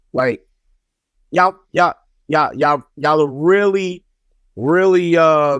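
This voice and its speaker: A man's voice: fairly high pitch, no echo, studio quality. Exasperated young man telling a story. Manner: animated, exasperated comic storytelling with profanity. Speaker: podcast host. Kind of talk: casual storytelling.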